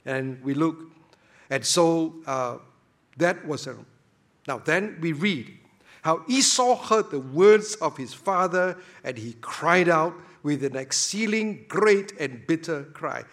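A man's voice: a little high, animated, takes it slowly, fairly bright tone. A man preaching a sermon, emphatic, full of rhetorical questions and repeated words.

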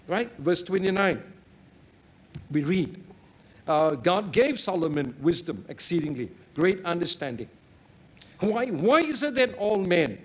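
A man preaching a sermon, telling stories in a lively way and breaking into sudden loud exclamations. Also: high voice.

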